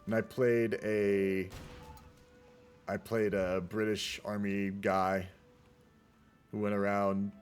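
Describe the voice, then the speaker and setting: Speaking slowly in a lowish, flat voice with long pauses, an American man casually rambles through commentary on a strategy game replay. Faint music plays behind him as he chats with his viewers.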